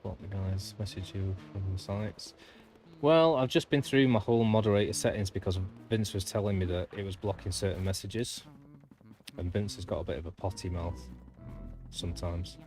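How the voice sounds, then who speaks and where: A man's voice: low-pitched, moderate pace, a little mellow, soft background music. A man chatting casually with viewers while streaming a game, rambling from topic to topic with mild swearing. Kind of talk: casual gameplay commentary.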